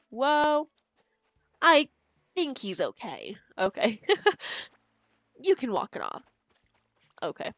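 A woman's voice: fairly high pitch, wildly swooping pitch, slow, pauses often, a bit bright, dry recording. A young woman streaming a video game, chatting casually and giggling while she plays and talks to her chat. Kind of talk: casual gameplay commentary. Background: faint game music.

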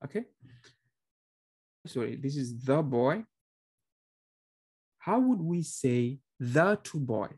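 A man with a husky, slightly mellow, medium-pitched voice teaches beginners Arabic at a slow pace, leaving long pauses yet sounding very animated. His lecture is conversational, peppered with fillers and restarts, and he checks comprehension through frequent questions.

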